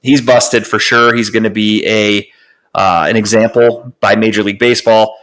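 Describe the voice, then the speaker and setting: A man's voice: on the low side, steady tone, normal speed, a bit bright, poor audio. A man co-hosting a podcast, rambling through casual sports chat with lots of profanity and restarts. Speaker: podcast co-host.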